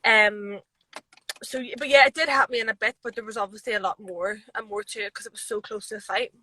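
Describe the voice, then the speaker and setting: A woman MMA fighter being interviewed, telling stories in a chatty, animated way with lots of fillers. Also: fairly high pitch, a little fast, no echo, poor audio. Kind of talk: casual interview chat. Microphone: live video stream.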